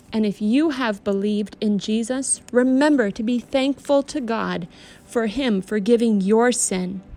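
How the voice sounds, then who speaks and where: Gentle woman telling a children's Bible story. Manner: gentle, emphatic storytelling with a lot of pitch movement.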